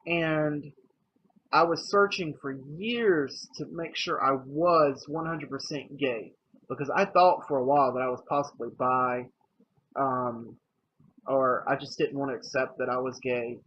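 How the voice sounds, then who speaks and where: A young man telling a personal story to camera, candid and hesitant, pausing and restarting often. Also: medium pitch, fairly even intonation. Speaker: vlogger. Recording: dull lo-fi with faint noise.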